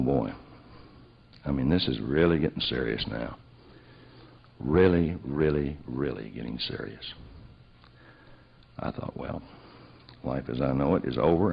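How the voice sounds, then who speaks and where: A man's voice: extremely low pitch, creaky, slightly rough. A man telling a personal story, acting out both sides of remembered conversations. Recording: dull lo-fi recording.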